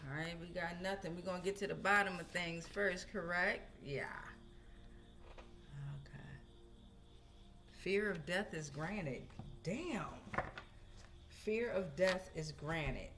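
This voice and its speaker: A woman's voice: on the low side, slow, pauses often, a bit bright, faint music behind. A woman giving a casual tarot reading, chatting to her viewers and often asking "right?". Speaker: tarot reader.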